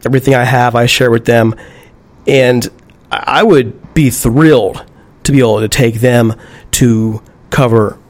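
A man chatting on a podcast in a middle-pitched, everyday voice. He thinks aloud as he goes, sometimes repeating a word before he finds his point. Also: fairly even intonation, unhurried. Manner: thoughtful, conversational, occasional stammered restarts. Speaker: podcast co-host. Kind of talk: casual chat.

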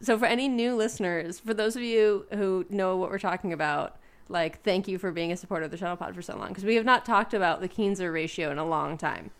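A woman co-hosting a podcast in casual chat, chatty, with animated asides and frequent laughs. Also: on the low side, fast talker, hardly any pauses, clean tone. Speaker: podcast co-host.

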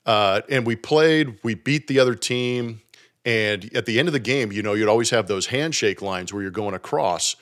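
Lively low-voiced man spinning a yarn. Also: normal speed. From Southern California. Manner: animated storyteller, many fillers. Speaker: former professional baseball player. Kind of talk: casual podcast chat.

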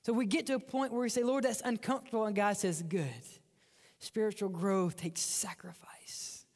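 A man's voice: sits high, normal speed, a little mellow, big-room sound. A man preaching a sermon as pastor, dramatic and often dropping to a whisper for emphasis. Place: church sanctuary.

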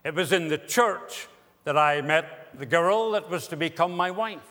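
A man preaching a sermon as pastor, slow and deliberate with emphatic pauses. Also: on the high side, bright, forceful tone. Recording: long hall reverb.

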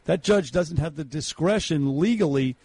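A gravelly man pounds out blunt opinions on talk radio, hammering his points with repeated phrases. His voice is a bit higher than most men's, and the studio is dry. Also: normal speed, warm tone, no echo. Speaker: radio talk show co-host.

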